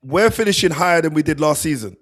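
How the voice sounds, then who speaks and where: A man, co-hosting a football podcast in casual chat on a video call, relaxed and chatty. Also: a little high, fast. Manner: laid-back, chatty, uses "mate" and "bruv". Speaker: podcast co-host, football pundit.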